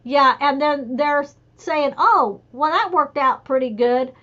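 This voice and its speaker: A middle-aged woman hosting a casual chat, telling animated stories. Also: sits high, slow pace, muffled recording. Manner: chatty, animated storyteller. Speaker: host.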